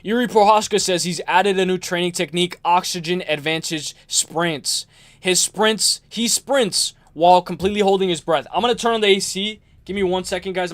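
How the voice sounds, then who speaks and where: A young man hosting a casual fight-talk livestream from home, rambling and animated with sudden outbursts. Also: high voice, dry recording. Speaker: MMA livestream host. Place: home room.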